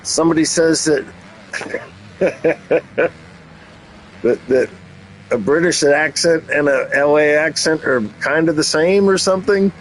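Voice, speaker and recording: A man commentating a race, taking his time over every call and slipping in teasing jokes. His voice sits a touch higher than most men's. A faint hum of noise runs underneath. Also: measured pace, pauses often, low-quality recording. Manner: jokey, teasing asides between race calls. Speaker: race commentator and channel host. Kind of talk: playful play-by-play commentary.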